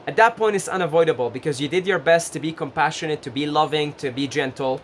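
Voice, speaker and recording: Man, casual advice monologue, gentle and repetitive, fairly high voice, faint background ambience. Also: quick pace, few pauses, a little hiss or hum. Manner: gentle, repetitive, with many fillers and restarts. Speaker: advice vlogger.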